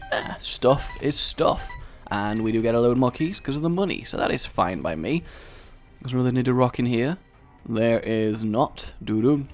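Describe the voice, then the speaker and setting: A young man talks through his game in a chatty, self-deprecating way. His voice sits at a medium pitch but swings widely, jumping into excited bursts and then dropping back into low asides. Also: a little hiss or hum. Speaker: gaming video host. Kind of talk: casual let's-play commentary.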